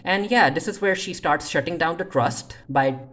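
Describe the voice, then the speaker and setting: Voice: mid-range voice, normal speed, a bit bright. Casual reviewer recapping, filler-heavy. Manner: loose retelling with frequent "uh" fillers and paraphrased dialogue. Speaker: TV series reviewer.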